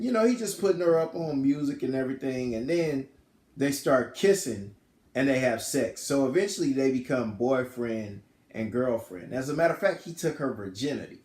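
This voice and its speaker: Slangy man retelling a movie, echoey room. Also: mid-range voice. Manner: rambling, slangy, often corrects himself. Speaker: film reviewer. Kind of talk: casual plot retelling.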